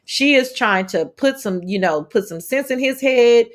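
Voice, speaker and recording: A woman hosting a casual commentary livestream, telling stories in a sassy, profane, animated way. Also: on the high side, a little slow. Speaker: commentary host.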